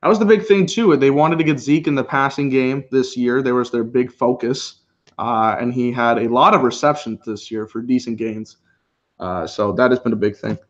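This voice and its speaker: A man with a mid-range voice speaks at a moderate pace on a muffled recording. As co-host of a live football reaction stream, he chats casually, laughs frequently, and calls each play as it happens.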